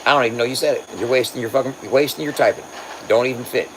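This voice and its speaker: A man's voice: medium pitch, racing, a little hiss or hum. A man livestreaming and talking loosely to his chat, swearing freely and laughing often. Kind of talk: casual livestream banter.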